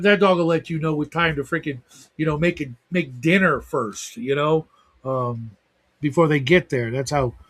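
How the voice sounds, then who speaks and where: A middle-aged man hosting a livestream talk show in casual chat, rambling with lots of fillers. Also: on the high side. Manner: rambling, heavy use of fillers.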